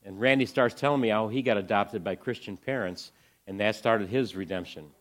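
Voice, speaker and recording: Man, ministry speaker, earnest storytelling talk, drops quiet then lifts with excitement, lower pitch. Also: fairly quick. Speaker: ministry speaker presenting to a church audience.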